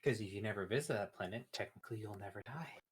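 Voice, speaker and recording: Low husky man reacting casually. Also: quick pace. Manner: laid-back with short reactions. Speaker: friend learning lore on stream. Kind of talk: casual live-stream chat.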